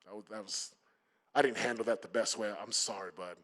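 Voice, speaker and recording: A man's voice: fairly low pitch, steady tone, brisk, fairly bright tone. A man speaking on a panel about raising his sons, emphatic and full of fillers and restarts. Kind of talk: motivational panel talk.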